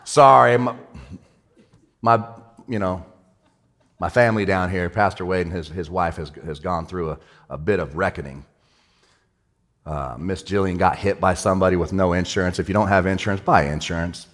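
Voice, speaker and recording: A male pastor giving a sermon in a casual, excitable way, with everyday slang. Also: low voice, normal speed, pauses often.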